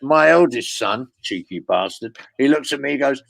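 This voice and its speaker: An older man tells rambling anecdotes in a loose interview, cursing freely and leaning on "you know what I mean". His voice is deeply gravelly and full of fry. The sound is dry and close. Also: expressive, normal speed, fairly bright tone, dry recording, low-quality recording. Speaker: guest storyteller.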